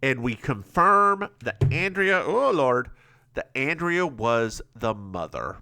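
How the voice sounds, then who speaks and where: Podcast co-host, male, animated recap voice with lots of swing in pitch, stumbles and repeats himself. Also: slow, no room sound, studio quality. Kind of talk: casual chat recapping a TV episode.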